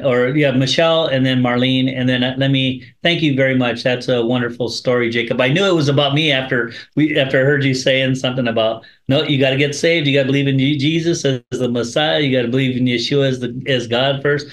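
A rabbi leads a group bible study in a plain mid-pitched man's voice. He calls people up haltingly, filling pauses with "uh", and thanks each speaker. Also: steady tone. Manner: halting, many "uh" fillers, warmly affirming. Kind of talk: leading a group discussion. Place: congregation bible study room.

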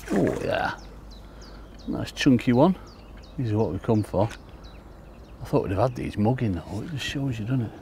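A chatty man talks to his viewers as he fishes at a lake, calling them folks and getting excited over each catch. His voice sits low, and there is a faint hum of outdoor ambience behind him. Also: moderate pace, pauses often. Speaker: angler demonstrating fishing. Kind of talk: casual commentary while fishing.

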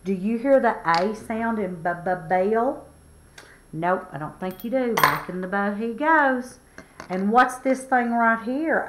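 A woman teaching a children's phonics lesson in a playful, encouraging, sing-song way. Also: medium pitch.

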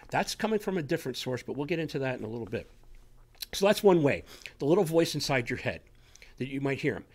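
A man hosting a faith show, giving a conversational sermon and talking straight to his listeners with a frequent "okay?". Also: medium pitch. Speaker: radio show host teaching on faith.

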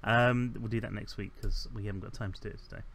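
A man giving casual commentary while playing a building game. He rambles and corrects himself, fills pauses with ums, and adds dry, self-mocking asides. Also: lowish voice, steady tone, fairly bright tone, a little hiss or hum. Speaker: let's play host.

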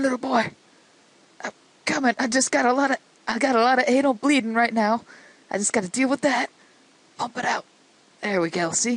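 Excitable gravelly woman yelling at a game. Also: a little high, poor audio. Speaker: gameplay commentator. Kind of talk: let's play commentary. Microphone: desk microphone.

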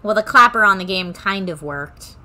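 A woman's voice: mid-range voice, bright, forceful tone. A woman giving casual, reactive commentary over a video game playthrough, talking back to the screen. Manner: reactive, chatty, talks to the game. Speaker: gaming streamer.

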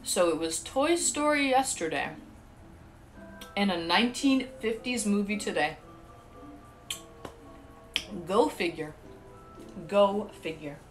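A woman's voice: mid-range voice, expressive, slow pace, long pauses, over music. A woman streaming live, chatting casually and talking straight to her viewers. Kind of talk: casual livestream chat.

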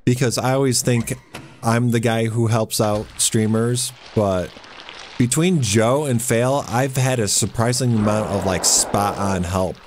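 A man's voice: mid-range voice, unhurried, a little mellow, slight background noise. A man streaming a horror game, giving laid-back casual commentary and chuckling often.

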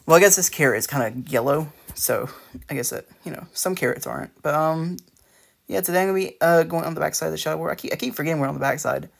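A man's voice: fairly high pitch, quick pace, vocal fry, fairly bright tone. A man giving casual, rambling commentary while building in a game, full of hesitations and restarts. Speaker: let's play creator.

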